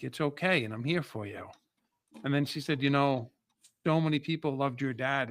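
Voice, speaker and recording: A man who is a podcast guest and motivational speaker, telling personal stories in an energetic, emotional way with frequent restarts. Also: mid-range voice, no echo, clean studio sound. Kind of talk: casual chat, personal storytelling.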